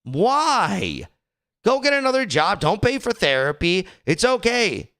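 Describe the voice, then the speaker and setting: A man's voice: high-pitched, sing-song, a little slow, fairly bright tone, clean tone. A young man hosting a podcast in casual talk, rambling and exasperated, slipping into mocking voices. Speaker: podcast host.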